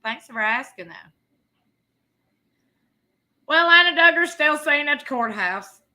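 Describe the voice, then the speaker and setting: A woman's voice: sits high, animated, slow pace, sharp tone. A woman, hosting a live stream and talking bluntly and sassily, laughing often. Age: 30s. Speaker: livestream host. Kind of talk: casual live commentary.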